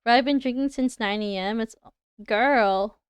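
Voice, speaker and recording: A young Canadian woman, a livestreamer reviewing design work, chats casually and giggles as she reacts to her viewers. Her voice is fairly high and a little slow, with a clean tone. The recording is dry, with clean studio sound.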